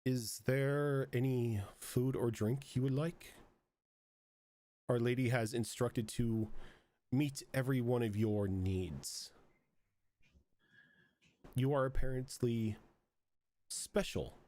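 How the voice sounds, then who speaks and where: Emotionless female servant in a tabletop game, flat formal monotone, middle pitch; a man puts her on. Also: slow pace, pauses often, close to an everyday voice.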